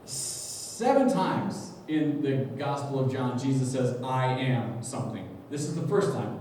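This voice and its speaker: A man's voice: fairly high pitch, animated, moderate pace, a little mellow, slight background noise. A pastor giving a conversational sermon, thinking aloud with restarts as he explains scripture. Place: church sanctuary. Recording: echoey livestream from far off.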